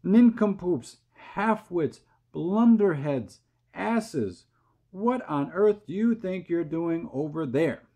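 A man voicing a boastful, rude male centipede who shouts insults with scorn. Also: lowish voice, sing-song, moderate pace, breathy edge, muffled recording, exaggerated voice. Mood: yelling insults.

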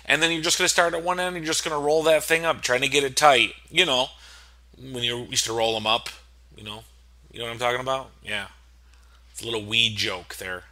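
A man's voice: medium pitch, fairly even intonation, a little fast, pushed and bright. A young man giving a casual cooking tutorial voice-over, laid-back and rambling, with lots of fillers and joking asides. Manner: jokey and irreverent asides. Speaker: home cooking instructor.

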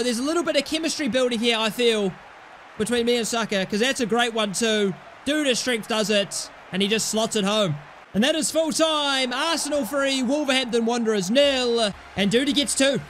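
A young man commentating his own football video game, cheering loudly at goals and swearing at his players. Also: very high-pitched, normal speed, a little hiss or hum. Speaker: gaming YouTuber. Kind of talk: excited gameplay commentary.

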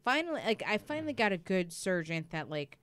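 A woman's voice: medium pitch, a little fast, clear, resonant tone. A young woman telling a story in casual chat, acting out the people she quotes. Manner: animated, acts out quoted dialogue, heavy use of "like".

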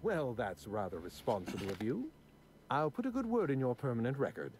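Fussy, pedantic aristocrat. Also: male voice, medium pitch, huge pitch swings, a little fast, background noise. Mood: dry. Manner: fussy, condescending, precise diction. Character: prim pedantic aristocratic man, numbers-obsessed. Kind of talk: video game dialogue.

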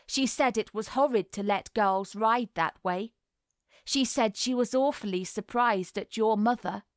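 A woman reading the part of a smug young schoolboy who taunts and mocks, in a slow, boastful way. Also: a little high, dry recording, clean studio sound, close to an everyday voice. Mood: gloating. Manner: gloating, mocking, boastful. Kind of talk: audiobook character reading.

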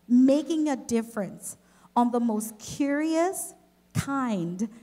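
A woman giving a children's message at a church service, telling a personal story in an expressive, gentle way to the kids and then to the families. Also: on the high side. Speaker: children's director. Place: church service, in front of a congregation.

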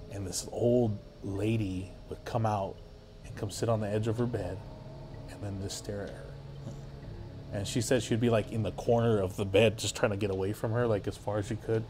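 A man's voice: fairly low pitch, warm tone, a little hiss or hum. A man guesting on a podcast, telling a story in a rambling, casual way full of filler words and swearing.

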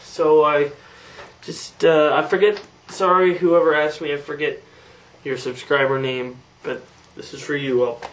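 A man's voice: fairly high pitch, steady tone, unhurried, fairly bright tone, distant mic. A young man from Canada casually introducing his impressions video, rambling and hesitant with many fillers. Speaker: YouTuber.

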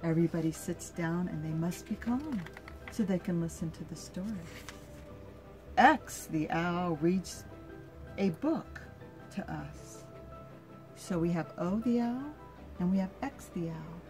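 An older woman reading a picture book aloud to her grandchild, slow and gentle, stopping to ask the child questions. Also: fairly low pitch, lively intonation, soft background music.

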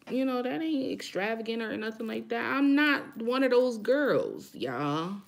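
A woman's voice: mid-range voice, animated, unhurried, creaky, hardly any pauses. A woman hosting a live chat with her viewers, talking frankly and emphatically straight to them.

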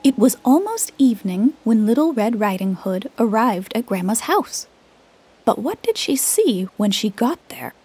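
A woman narrating a children's fairy tale in a gentle, expressive storybook manner. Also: a little high, slightly rough, faint music behind. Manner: slow, gentle, expressive reading.

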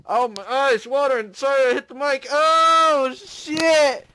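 A man hosting casual gameplay commentary, excitable, often screaming and swearing. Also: very high voice, a little slow, no room sound. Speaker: gaming channel host.

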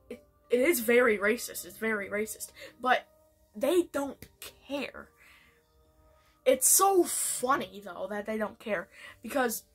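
A woman's voice: fairly high pitch, fairly bright tone, slightly rough. A woman chatting casually in a vlog, rambling with many restarts. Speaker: vlogger. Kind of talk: casual vlog chat ranking TV shows.

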